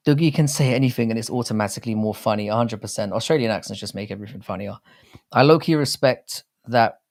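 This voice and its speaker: Over-enunciating male livestream host. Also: lowish voice. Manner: over-enunciates, crude joking banter. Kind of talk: casual live chat, reading viewer comments aloud.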